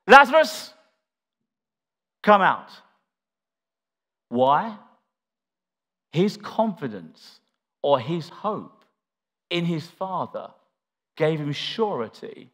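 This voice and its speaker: A man preaching a church sermon, dramatic, shifting between loud declarations and hushed asides as he acts out scripture. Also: medium pitch.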